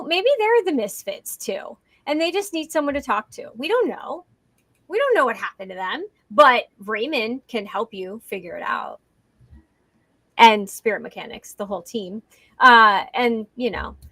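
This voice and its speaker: Bright, dry-sounding woman co-host. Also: fairly high pitch, no room sound. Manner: blunt, playful, uses mild swearing. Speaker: podcast co-host. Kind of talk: casual chat.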